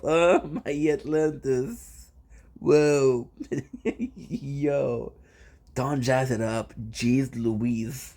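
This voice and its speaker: A man's voice: medium pitch, extremely slow, a little mellow. Playful man teasing his stream chat. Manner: playful, teasing, repeats phrases in runs. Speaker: live streamer chatting with viewers. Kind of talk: casual chat.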